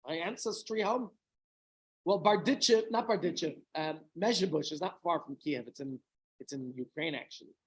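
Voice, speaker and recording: A man's voice: fairly high pitch, normal speed, slightly rough, poor audio. A middle-aged man, a rabbi, giving an informal talk to a small group, telling a story with chatty asides and questions to his listeners.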